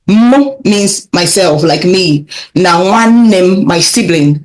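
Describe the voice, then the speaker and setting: A young woman teaching children vocabulary, repeating words slowly and encouraging them as she goes. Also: lowish voice, animated. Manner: repeats phrases slowly, encouraging, laughs lightly. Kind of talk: slow, clear vocabulary lesson for kids.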